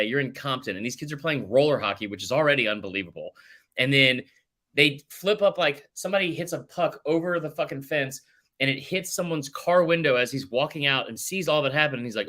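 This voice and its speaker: A male podcast host in loose sports chat with a bright, forceful tone. He rants with big swings in pitch and swears freely. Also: fairly quick. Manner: animated, ranting, swears freely.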